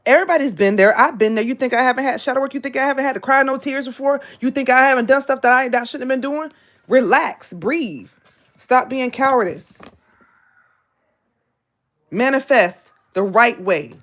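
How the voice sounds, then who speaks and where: A woman's voice: sits high, moderate pace, fairly bright tone. A woman, giving a live tarot reading in a blunt, scolding, profane way and repeating her points. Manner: repetitive, confrontational. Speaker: tarot reader.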